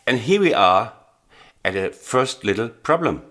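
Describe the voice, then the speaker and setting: A man teaching a blues piano lesson, explaining earnestly and with emphasis, pausing with small hesitations. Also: mid-range voice, big pitch swings. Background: faint piano playing.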